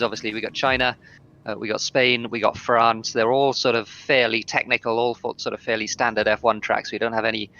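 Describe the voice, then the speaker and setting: Gravelly, bright-voiced male commentator. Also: on the low side, lo-fi sound. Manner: halting, lots of fillers and restarts. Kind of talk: live racing esports commentary.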